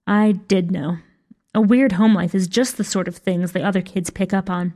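A woman reading a first-person story aloud, her pitch sitting in the middle of the range. She delivers it in a wry, dryly amused way. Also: steady tone, normal speed, dark tone. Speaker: story narrator. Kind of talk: scripted narration.

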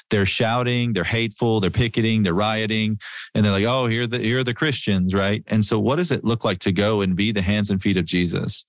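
A middle-aged man preaching in an earnest, conversational way, leaning on stories and hammering key words through repetition. His voice sits low. The sound is dry and close, with almost no room around it. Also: dry recording. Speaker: Christian speaker.

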